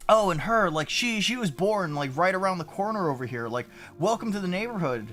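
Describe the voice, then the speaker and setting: A very old, friendly neighbor man rambles in a chatty, folksy way, as a man puts him on. The voice is pitched well above the speaker's own and stays lively. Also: brisk, soft background music. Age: older.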